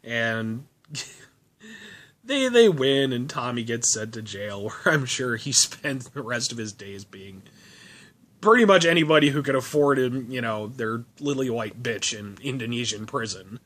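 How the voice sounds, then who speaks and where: A man's voice: medium pitch, moderate pace, a bit bright. A man reviewing a film in a casual vlog, rambling, laughing often and swearing.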